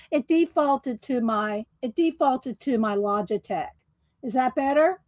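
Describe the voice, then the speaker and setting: A woman's voice: sits high, takes it slowly, a little mellow, dry recording, low-quality recording. A woman hosting a casual livestream from home, chatting and laughing often while greeting viewers by name. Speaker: livestream host. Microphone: desktop USB microphone.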